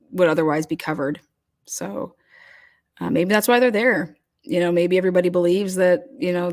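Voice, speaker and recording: A woman's voice: on the low side, darkish tone. A woman hosting a casual livestream chat, talking loosely with many fillers and restarts as she reads comments. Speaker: host.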